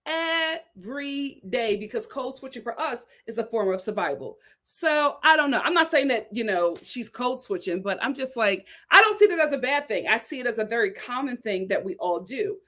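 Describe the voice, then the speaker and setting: A young woman with a light Philadelphia accent hosting a casual live-stream chat, talking in an animated way with frequent "right?" asides. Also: fairly high pitch, brisk, hardly any pauses. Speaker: host reviewing a reality show.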